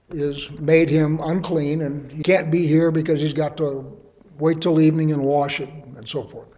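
A middle-aged man leads a verse-by-verse Bible teaching. His voice sits a little high for a man. He reads each passage aloud, then talks it through in plain, casual language.

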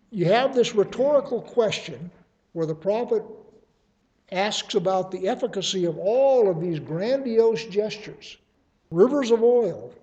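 High-voiced man teaching scripture. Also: darkish tone, low-quality recording. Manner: reads scripture aloud with emphasis, then explains conversationally. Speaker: Bible teacher. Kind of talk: verse-by-verse Bible teaching.

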